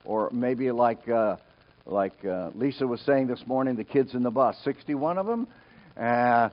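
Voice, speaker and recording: A middle-aged man preaches a sermon in an ordinary mid-range voice. He is earnest and directs his congregation, moving from loud emphasis to quiet storytelling. The recording is dull and lo-fi. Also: mid-range voice, animated, moderate pace. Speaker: pastor.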